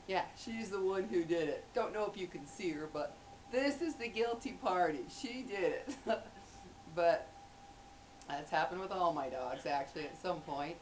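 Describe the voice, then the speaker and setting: A woman's voice: lowish voice, normal speed, recorded from a distance, rough recording. A chatty middle-aged woman talking to her camera at home, often breaking into laughter as she acts out small scenes. She sits a little back from the mic, with a faint hum underneath. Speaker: vlogger. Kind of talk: casual chat to camera.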